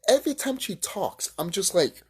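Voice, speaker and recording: Man reacting on his channel, husky tone, lively pitch, profane heated rant. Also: moderate pace. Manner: heated, profane, swings between shouting and hushed musing. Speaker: video creator reacting to a clip. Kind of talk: ranting reaction commentary.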